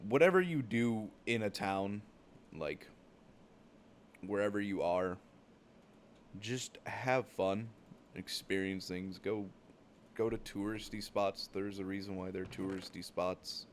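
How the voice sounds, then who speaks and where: Young man from the US, very low voice, casual rambling talk, swears freely, faint hiss behind. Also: takes it slowly, long pauses. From United States. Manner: rambling, profane, many "like" fillers. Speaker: gaming channel host. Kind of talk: casual storytelling while gaming.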